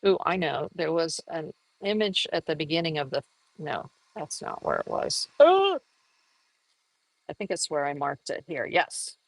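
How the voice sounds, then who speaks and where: A woman giving a casual live painting lesson, chatty and upbeat, laughing often and jumping into high exclamations. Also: normal speed, no echo, rough recording. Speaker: art teacher.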